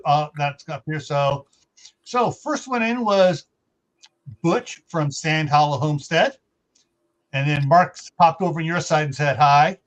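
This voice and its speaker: Chatty middle-aged male host with a high voice, laughs easily, reads out viewer comments. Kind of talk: casual livestream chat.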